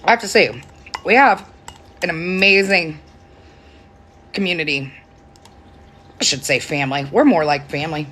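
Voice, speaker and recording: A chatty woman hosts a casual live stream from her phone at home. Her voice has a bright, forward tone, and she laughs often between stories. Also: low voice, moderate pace, long pauses, a little hiss or hum. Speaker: TikTok live host. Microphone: phone camera.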